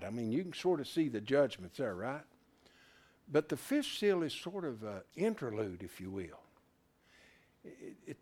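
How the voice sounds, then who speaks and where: A man teaching a Bible class, animated, who keeps asking rhetorical questions and restarting his words as he thinks aloud. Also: a little high.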